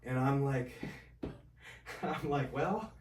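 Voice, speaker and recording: A man as a podcast guest, telling his own story in a casual, animated way and acting out the voices of the people in it. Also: mid-range voice, drawn-out words, reverberant, recorded from a distance, background noise. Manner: animated, acts out quoted voices.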